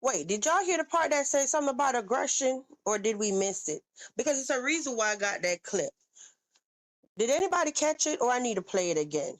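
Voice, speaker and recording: A woman hosting a casual live reaction video, animated and talking straight to her viewers with frequent questions. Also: on the high side, brisk, dry recording. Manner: animated, asks viewers questions and reads chat aloud.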